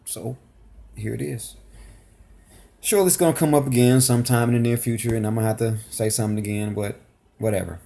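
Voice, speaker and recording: A reaction video host chatting loosely to his viewers. His voice has a gravelly fry at mid pitch. He meanders and apologizes as he talks. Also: brisk, long pauses, mellow, a little hiss or hum. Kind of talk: casual chat to camera.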